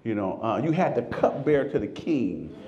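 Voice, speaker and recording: A man preaching a sermon, stumbling over repeated words, then shouting and stretching out scripture lines. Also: medium pitch, normal speed, dull audio. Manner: animated, shouting scripture with repetitions.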